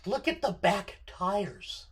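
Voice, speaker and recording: Guy doing his mom, coaxing her kid, slow and matter-of-fact. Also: high-pitched, sing-song, a bit bright, slight background noise, exaggerated voice. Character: upbeat persuasive mother of a young boy.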